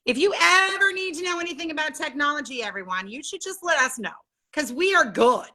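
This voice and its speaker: A woman's voice: high-pitched, very animated, brisk, bright, forceful tone. A chatty, bubbly middle-aged woman from Southern California, hosting a casual livestream from home and greeting viewers by name. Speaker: livestream host.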